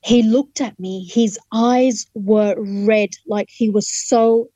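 A Fijian woman, a human rights lawyer appearing as an interview guest, shares her faith testimony with earnest, vivid storytelling and acts out the dialogue. Her voice is fairly high and steady in tone, slow and mellow. The recording is dry and the audio sounds dull.

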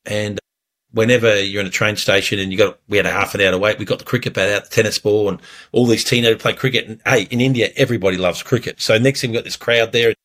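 A man preaching as a pastor, telling a story earnestly before communion, lively when he retells it. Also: on the low side, quick pace.

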